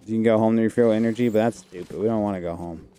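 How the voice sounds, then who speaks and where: Male gamer, low voice, chatty and slangy, faint game music under him. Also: fairly even intonation, rapid-fire, mellow, clean tone. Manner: chatty, slangy, says dude and like a lot. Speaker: gamer playing on stream. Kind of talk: casual gameplay commentary.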